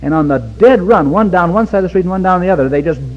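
A man preaching a sermon with passion, swinging from hushed pleading to near-shouting. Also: high voice, expressive, quick pace, hardly any pauses. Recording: dull recording with long hall reverb.

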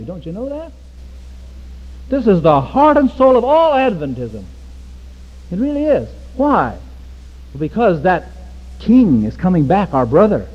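A man preaching a sermon with passion, swinging from hushed pleading to near-shouting. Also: on the high side. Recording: dull recording with long hall reverb.

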